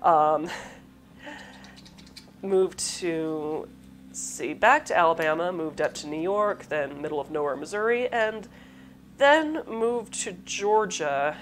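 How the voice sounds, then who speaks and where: With a low voice and a measured pace, a Southern US woman hosts a cooking demo, talking casually and drifting into asides as she cooks. Her accent is a gentle Southern lilt mixed with Midwestern, and a little hiss or hum runs under the recording.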